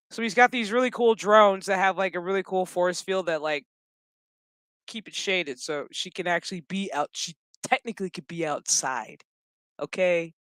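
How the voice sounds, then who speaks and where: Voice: medium pitch, moderate pace, smooth, dry recording. A speaker casually recapping a show episode, swearing freely in slang. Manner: profane, slangy, animated storytelling.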